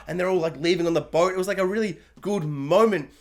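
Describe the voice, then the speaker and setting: Male TV reviewer with a high voice. Casual, rambling and sarcastic. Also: animated, fast talker, few pauses. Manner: rambling and sarcastic, slips into silly mock voices.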